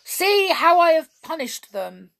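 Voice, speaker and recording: A woman voicing a boastful, excitable male goblin in a storybook reading, with loud shrill outbursts. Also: a little slow, breathy edge, full character voice. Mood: shouting.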